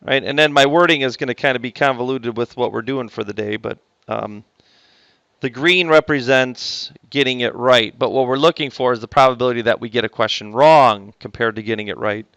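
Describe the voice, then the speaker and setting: Man, math teacher, classroom lecture, jokey, corrects himself, smooth clear voice, dry sound. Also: mid-range voice, a little fast, a bit bright, no echo. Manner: joking, talks to students, stops and corrects himself.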